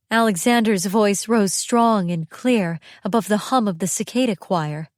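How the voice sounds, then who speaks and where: A woman reading a first-person audiobook narration in a steady, tense storytelling manner. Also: mid-range voice, a little slow, hardly any pauses, no echo, clean studio sound.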